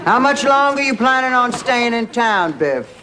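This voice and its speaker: A woman playing a dry, sarcastic grown daughter in a sitcom, with deadpan put-downs. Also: fairly high pitch, moderate pace, heavy background noise. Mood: sardonic. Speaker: sitcom character.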